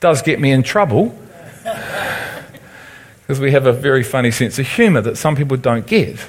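A man's voice: medium pitch, lively intonation, a little slow. A man with a Liverpool accent preaching a teaching sermon and often checking in with his listeners. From Liverpool, England. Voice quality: conversational, asks the room for agreement.

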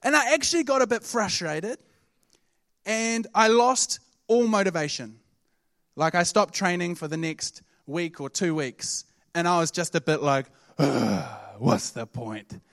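A man preaching a sermon to his church, telling stories in a conversational, animated way. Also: high voice, unhurried, dry recording, clean studio sound. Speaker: pastor.

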